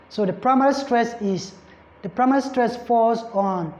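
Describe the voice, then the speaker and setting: Here the English exam tutor speaks at a moderate pace, her voice on the high side and darkish in tone. She lectures as if in a classroom, going over points again, spelling words letter by letter, and making sure listeners follow, all in an echoey room that sounds slightly dull.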